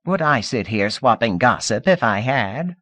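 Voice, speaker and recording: A man's voice: medium pitch, animated, unhurried, pushed and bright, no room sound, voice pushed up. A man voicing a sly old female fortune-teller with a coaxing, evasive patter.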